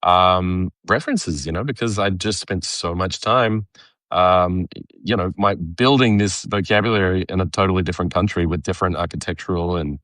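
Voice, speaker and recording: A young Australian man with an accent drifting toward American, a cartoonist chatting casually while he draws, halting, with many fillers and restarts. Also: low voice, fairly bright tone, no room sound, studio quality. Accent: Australian, partly Americanized. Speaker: cartoonist guest. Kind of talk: casual conversation while drawing.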